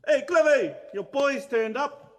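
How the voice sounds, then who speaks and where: A man's voice: very high voice, slow, a bit bright, in a large hall. A man with a New Zealand accent reading a play role, mocking and goading another character.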